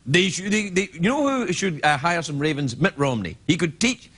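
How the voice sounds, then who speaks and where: A Scottish man in his fifties, a late-night talk show host rambling through a self-mocking comedy monologue, breaking into loud squawking impressions. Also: fairly high pitch, animated, normal speed, slightly rough. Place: TV studio with live audience.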